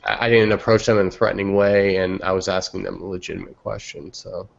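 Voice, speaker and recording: A young man with a gravelly, somewhat low voice tells stories in a blunt, heated, profane way. He comes through a muffled, lo-fi online call connection, as co-host of a casual podcast. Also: little pitch movement, fast talker. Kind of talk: casual storytelling. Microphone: remote call microphone.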